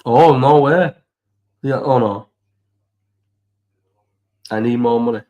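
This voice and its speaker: A man's voice: mid-range voice, takes it slowly, muffled recording. A young man hosting a casual live chat into his phone, sweary and rambling as he banters with viewers' comments. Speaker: live stream host.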